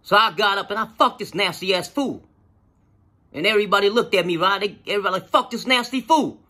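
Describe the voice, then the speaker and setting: Profane, animated man telling a story. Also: high-pitched, quick pace. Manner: profane, animated, lots of fillers. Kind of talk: casual personal storytelling.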